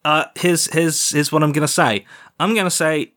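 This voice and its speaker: A man's voice: a little high, steady tone, normal speed, fairly bright tone. A man narrating as game master, easygoing and hesitant with frequent fillers.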